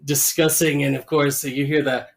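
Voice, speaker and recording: A man's voice: a little high, little pitch movement, moderate pace. Man co-hosting a podcast, casual and enthusiastic as he recaps scenes. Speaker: podcast co-host. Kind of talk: casual chat.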